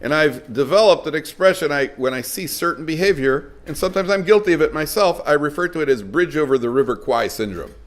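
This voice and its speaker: Animated rabbi telling stories. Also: male voice, fairly high pitch, a little fast, hardly any pauses. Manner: lively storyteller, acting out dialogue. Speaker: rabbi lecturing. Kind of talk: lecture to a live audience.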